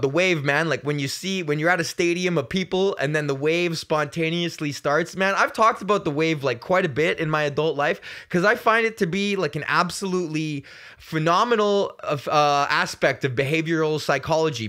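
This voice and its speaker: A man's voice: a little high, fairly bright tone. A young man hosting his own show, talking in a casual rambling monologue, crude and joking with lots of swearing. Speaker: podcast host.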